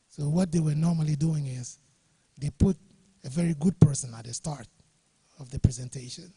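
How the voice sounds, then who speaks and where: A man's voice: on the high side, vocal fry, warm tone, breathy edge, no echo. A middle-aged man from Ghana, telling jovial anecdotes and chuckling as he speaks. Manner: jovial storyteller, chuckling often. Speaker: guest speaker. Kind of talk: anecdotal talk to a workshop audience. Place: studio or workshop room.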